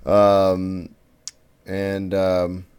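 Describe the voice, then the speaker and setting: Male podcast co-host, casual and rambling, low-ish and smooth. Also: completely flat delivery, extremely slow, a little mellow. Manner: rambling, lots of fillers and restarts. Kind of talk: casual chat.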